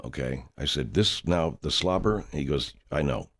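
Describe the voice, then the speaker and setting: A man's voice: very deep voice, expressive, normal speed, fairly bright tone, heavily acted. A man playing a pompous, self-important horror film director who rambles through an anecdote and talks about himself in the third person. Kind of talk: comedic character monologue.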